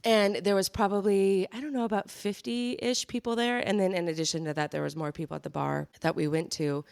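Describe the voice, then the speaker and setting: A woman's voice: medium pitch, steady tone, a little fast, creaky, a little mellow, smooth, no room sound. A woman co-hosting a podcast, telling stories in a bubbly, gushing casual chat. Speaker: podcast co-host.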